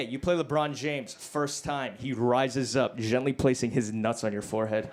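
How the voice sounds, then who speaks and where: A male stand-up comedian doing a crude, self-mocking set, dropping to low mumbles and then bursting out loud. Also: fairly even intonation, moderate pace. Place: comedy club stage. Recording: live club recording with noticeable background noise. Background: audience laughter.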